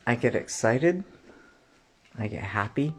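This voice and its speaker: A man delivering an angry, profane rant straight to the listener, often clearing his throat and rising to shouts. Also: medium pitch, animated, slow, faint music behind. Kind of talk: angry direct-to-camera rant.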